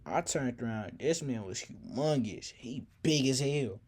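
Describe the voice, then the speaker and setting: Dark-voiced man telling a story. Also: medium pitch, lively intonation, a little slow, slight background noise. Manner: casual slangy, reflective. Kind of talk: personal storytelling.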